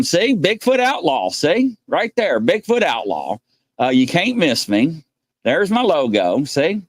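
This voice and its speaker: A man's voice: a little high, dry recording. A man hosting a casual livestream, rambling and joking as he reads chat comments aloud and greets viewers. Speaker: host.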